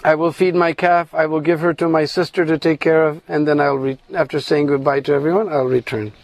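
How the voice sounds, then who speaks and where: A man voicing an old mother cow who gently insists on sacrificing herself. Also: a little high, flat delivery, a little fast, dry recording, close to an everyday voice. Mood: tender.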